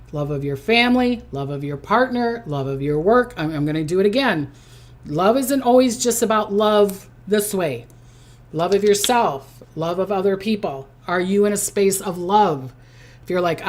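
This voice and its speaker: A woman's voice: mid-range voice, a little mellow. A woman psychic giving a casual, chatty horoscope reading, repeating her phrases and reading out viewer comments as she goes. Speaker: psychic reader.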